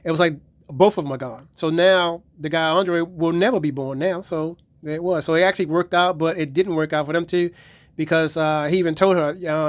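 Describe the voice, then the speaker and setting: A man's voice: a little high, steady tone, brisk, no echo. A man casually reviewing his DVD collection, rambling and swearing as he retells episodes.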